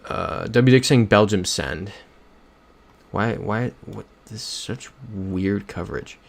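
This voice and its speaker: Young male streamer with a low, gravelly voice, chatty and rambling between game rounds. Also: slow. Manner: rambling storyteller who reads chat comments aloud. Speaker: livestreamer. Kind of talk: casual chat while playing a geography game.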